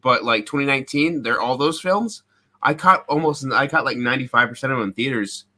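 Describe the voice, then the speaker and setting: A man's voice: medium pitch, brisk, bright, forceful tone. A man chatting casually on a podcast, a little hesitant and often repeating his words. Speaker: podcast guest. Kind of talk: casual chat.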